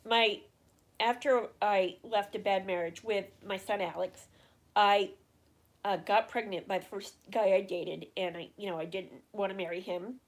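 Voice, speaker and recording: A woman's voice: medium pitch, fairly even intonation, unhurried. A middle-aged woman, chatting on a casual livestream and answering viewers' questions. She rambles with many fillers and restarts and talks openly about her feelings. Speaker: livestream host.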